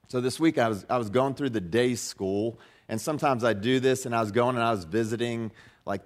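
A man delivers a sermon in an easygoing, conversational way, his voice sitting in a middle pitch. He stumbles and restarts often, then rises and presses harder on the verses he quotes. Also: a little mellow. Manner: conversational, many restarts and fillers, rising emphasis on quotes. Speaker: pastor.

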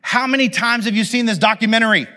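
A man preaching a conversational, animated sermon with casual asides to his listeners. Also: extremely high pitch, quick pace. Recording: long hall reverb.

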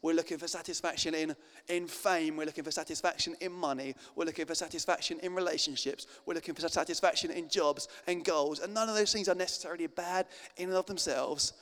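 A man's voice: a little high, fairly even intonation, fast talker, a bit bright. A male pastor giving an informal, chatty sermon with fillers and restarts. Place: church meeting hall. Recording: long reverb in a hall.

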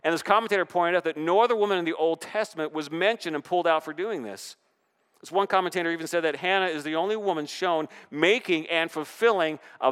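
A man's voice: fairly high pitch, smooth. Man preaching a sermon in a reverberant church. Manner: animated preaching with rising and falling emphasis. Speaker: pastor. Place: church sanctuary.

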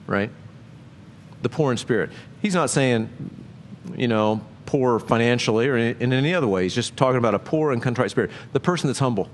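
A male pastor delivering a casual, conversational sermon at a middle pitch. He keeps asking his listeners questions and pushes his voice upward to stress a point. A faint low rumble sits under the recording. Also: a little fast. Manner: conversational preaching with rhetorical questions and lively pitch jumps.

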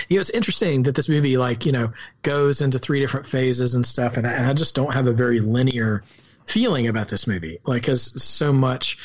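This podcast co-host has a Southern US accent and a mid-range voice. He talks about a film earnestly but haltingly, restarting his sentences again and again.

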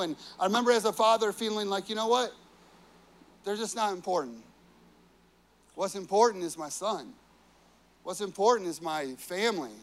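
A man's voice: high voice, smooth. A man preaching a sermon, earnest and personal, telling family stories with frequent "you know"s. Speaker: pastor.

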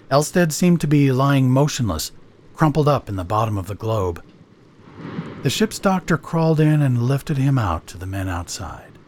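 A man narrating an audiobook story in an expressive storytelling manner. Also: medium pitch.

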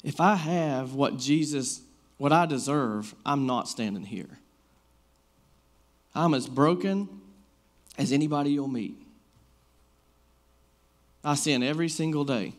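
Taking it slowly with long pauses, a medium-pitched man in his thirties shares personal stories in a laid-back sermon. His delivery is loose and conversational, full of fillers such as "like."

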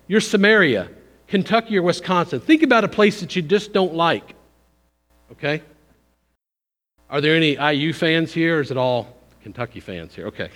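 A man giving a conversational, folksy missions sermon in a church, pushing up for emphasis and then dropping low. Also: a bit bright. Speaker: visiting missions speaker. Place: church sanctuary. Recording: long hall reverb.

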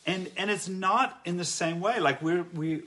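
Earnest man with halting speech. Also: high voice, sharp tone. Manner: earnest, halting, many restarts. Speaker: Christian speaker. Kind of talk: reflective faith talk.

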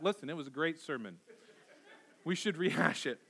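Male pastor, high voice, emphatic sermon delivery from the pulpit. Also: lively intonation, normal speed, creaky, pauses often, pushed and bright, breathy edge. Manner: emphatic, repeats key words for stress. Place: church sanctuary.

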